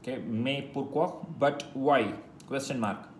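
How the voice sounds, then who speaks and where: A man teaching a French lesson in English, patiently repeating phrases slowly and spelling words letter by letter. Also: medium pitch. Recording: echoey room with faint noise.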